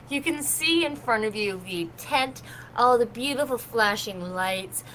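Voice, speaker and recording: A woman's voice: a little high, animated, slow, sharp tone, a little hiss or hum, rough recording. A woman as dungeon master, chatting casually and narrating a tabletop game with a laugh and plenty of fillers. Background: music.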